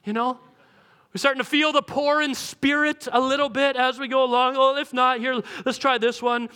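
A pastor delivers a sermon in a high, clear, ringing voice. He keeps it animated, acting out little comic voices along the way. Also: normal speed.

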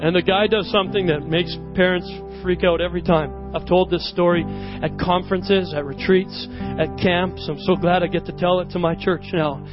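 A man with a notably high voice delivers a sermon, spinning a personal story with lively, self-mocking energy. Worship music plays clearly behind him, and the recording sounds a little dull. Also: normal speed. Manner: animated storyteller, often laughing at himself. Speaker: preacher. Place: church service.

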